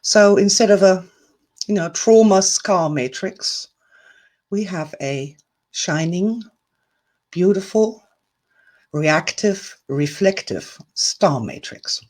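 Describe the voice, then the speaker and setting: A woman's voice: fairly low pitch, lively intonation, slow pace, pauses often, darkish tone. Playful woman teaching a self-help lesson. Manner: chatty, playful, emphatic. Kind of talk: recorded video lesson.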